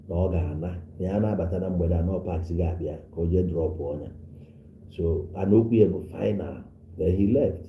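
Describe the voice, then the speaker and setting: A man with a very low voice hosts a live stream in an English. His tone is dark and mellow. He speaks in a roomy, echoing space with a faint hiss behind him. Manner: mixes Igbo and English, scolds commenters. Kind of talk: live stream talk to viewers, retelling a story.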